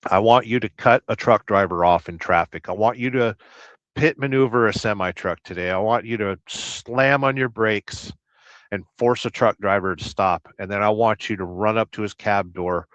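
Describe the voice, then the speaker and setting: An American truck driver hosting a casual livestream, rambling through jokes and viewer comments with a deadpan, blustery manner. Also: male voice, on the low side, moderate pace, dry recording. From United States. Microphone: livestream mic. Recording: dry, dull lo-fi stream audio.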